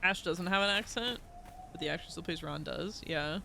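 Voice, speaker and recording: Male streamer, high-pitched, live gameplay commentary, excitable and profane. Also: moderate pace, vocal fry, slight background noise. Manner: excitable, swears freely, laughs often; chatty, rambling asides.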